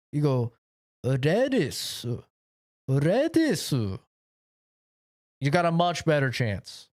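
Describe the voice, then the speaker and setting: A man's voice: a little high, dry recording, clean studio sound. A young man streaming a game, chatting casually in a crude, joking, ranting way. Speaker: gaming streamer. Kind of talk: casual live-stream chat.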